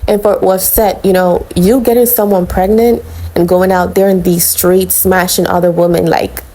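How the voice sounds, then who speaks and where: Sassy woman dishing celebrity gossip, mellow. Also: on the low side, little pitch movement, normal speed, slight background noise, rough recording. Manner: sassy and blunt, calls viewers honey and girl. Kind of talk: casual opinionated commentary.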